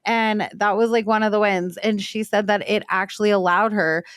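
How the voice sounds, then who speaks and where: A woman in her thirties co-hosting a casual podcast, candid and animated, swearing casually and laughing often. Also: mid-range voice, normal speed, clear, resonant tone, no echo, studio quality. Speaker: podcast co-host. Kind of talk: casual conversational podcast chat.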